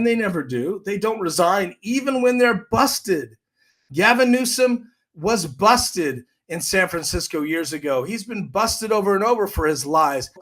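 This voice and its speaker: A man's voice: high-pitched, a bit bright. A man hosting his own podcast, delivering heated, emphatic political commentary. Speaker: podcast host.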